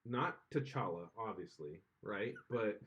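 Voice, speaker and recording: A man's voice: fairly low pitch, expressive, slow, a bit bright, muffled recording. A man co-hosting a casual podcast chat, rambling and opinionated, full of restarts. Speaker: podcast co-host.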